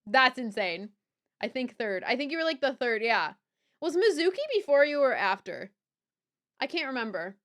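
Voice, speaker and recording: A woman's voice: fairly high pitch, very animated, normal speed, fairly bright tone. A young woman streaming live, chatting casually and rambling with chat, swearing and laughing easily.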